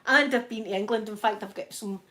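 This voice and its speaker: A Scottish ASMR livestream host irons at home, keeping up casual chatter with viewers and laughing a lot. She talks a little fast in a medium-pitched voice that sounds pushed and bright.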